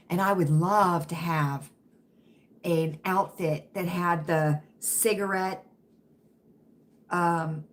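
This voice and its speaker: Her voice sits lowish, and the recording carries a slight hiss or hum. She's a livestream host from Virginia with a subtle Southern accent, reading chat in a casual way and peppering her talk with "right?" and "you know what I mean?"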